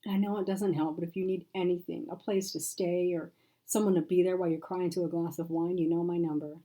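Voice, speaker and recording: A woman voicing a frank, sharp-tongued woman friend who speaks emphatically and teases. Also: fairly low pitch, steady tone, a little fast, close to an everyday voice, rough recording. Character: blunt, sassy woman friend, caring but sharp-tongued.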